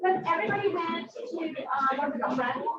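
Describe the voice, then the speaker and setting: A woman chatting casually with colleagues, talkative and quick to laugh. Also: extremely high pitch. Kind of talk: casual chat. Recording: echoey, distant, muffled with crowd. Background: loud crowd chatter.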